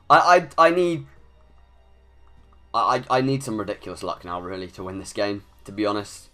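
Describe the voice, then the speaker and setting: A man's voice: mid-range voice, sharp tone. A young man giving live commentary over a video game. He thinks aloud, restarts his sentences often and rants when things go against him. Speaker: gaming YouTuber.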